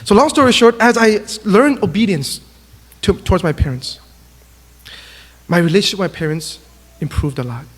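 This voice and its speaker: Man, high-pitched, youth sermon, animated storyteller, big reverberant hall. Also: normal speed, long pauses, slightly rough. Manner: animated storytelling, acts out quotes. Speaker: youth speaker. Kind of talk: sermon to young people.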